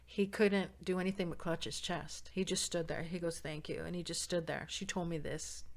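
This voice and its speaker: A woman from San Diego, a podcast guest, telling a personal story and acting out the quoted voices with big jumps in pitch and loudness. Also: steady tone, moderate pace.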